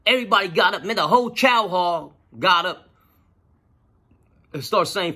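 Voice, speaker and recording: A man tells a story from his own life, swearing freely and getting animated. His voice sits a little high, with a bright, husky timbre. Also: moderate pace. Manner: profane, animated, lots of fillers. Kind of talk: casual personal storytelling.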